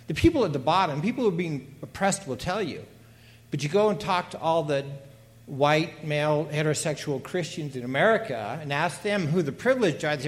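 Emphatic man with a raised pitch. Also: animated, fairly quick. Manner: emphatic and preacherly, with many fillers and restarts. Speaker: panel discussion participant. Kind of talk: earnest discussion comment on scripture.

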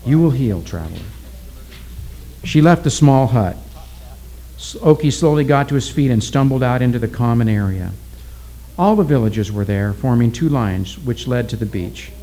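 A man narrating a story as an audiobook in a measured, steady way. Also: mid-range voice, low-quality recording.

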